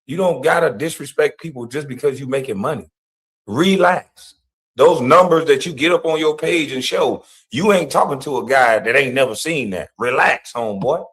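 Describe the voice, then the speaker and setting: A man's voice: medium pitch, normal speed, a bit bright, slightly rough. A man giving heated, blunt commentary in a ranting, mocking way.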